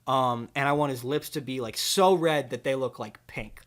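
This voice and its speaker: A young man hosting a comedy video, pitching an absurd movie in a rambling, deadpan way full of fillers. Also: normal speed.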